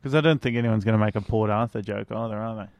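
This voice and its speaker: A man's voice: lowish voice, fast, dry recording, muffled recording. A man hosting a breakfast radio show, chatting and joking easily with his co-hosts in the studio. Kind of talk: casual banter on breakfast radio. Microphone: studio microphone.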